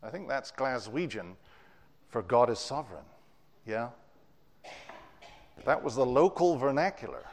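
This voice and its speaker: A man preaching a sermon, telling stories with wide swings in pitch and loudness. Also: lively intonation, measured pace, long pauses, a little hiss or hum. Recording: long reverb of a large hall.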